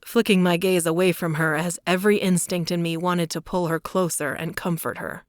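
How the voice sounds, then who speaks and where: Low-voiced woman narrating a romance. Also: steady tone, dry recording, studio quality. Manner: measured, intimate storytelling. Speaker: audiobook narrator. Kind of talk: first-person romance narration.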